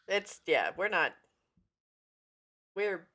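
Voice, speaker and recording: A woman's voice: mid-range voice, sing-song, very slow, pushed and bright. A woman co-hosting a comedic podcast, wry and mock-grandiose, often stammering as she restarts. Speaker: podcast co-host. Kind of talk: comedic casual chat.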